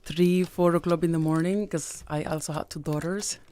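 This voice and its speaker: A young woman guest on a radio sports show, answering casually in a hesitant, soft-spoken way with many pauses and fillers. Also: on the low side, fairly even intonation. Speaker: guest athlete. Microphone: studio mic.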